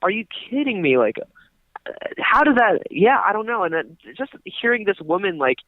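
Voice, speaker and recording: A man's voice: high voice, very animated, normal speed, dry recording. A young man tells a meandering story over a casual podcast chat, stumbling through fillers and restarts. His voice comes through thin and phone-like, with a dry, close sound. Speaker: podcast co-host.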